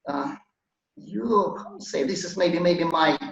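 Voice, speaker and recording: A man whose first language is Russian, hosting a casual online English practice chat and often pausing to search for words. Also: on the high side, creaky, a bit bright, recorded from a distance. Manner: hesitant, searching for words, many restarts. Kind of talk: casual group conversation. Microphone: video call. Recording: dull roomy video call audio.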